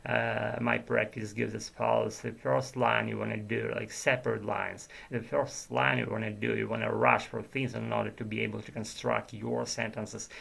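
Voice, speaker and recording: Russian-accented guy vlogging, low gravelly mumbly voice, lots of restarts. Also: little pitch movement, moderate pace, few pauses, a bit bright. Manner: murmuring, hesitant, many restarts. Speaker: language learner vlogger. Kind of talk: rambling monologue to camera.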